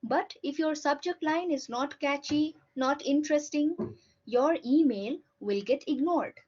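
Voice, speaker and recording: A woman's voice: high voice, unhurried, a little mellow. A woman teacher giving a patient, explanatory lecture and often checking in with "right?". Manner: patient, ends points with "right?". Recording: dull lo-fi recording.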